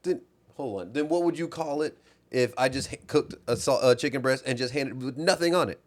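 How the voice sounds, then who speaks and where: A man's voice: medium pitch, fairly quick. A young adult man co-hosting a casual comedy podcast, rambling and correcting himself as he argues his point. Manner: rambling, self-correcting, questioning. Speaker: podcast co-host.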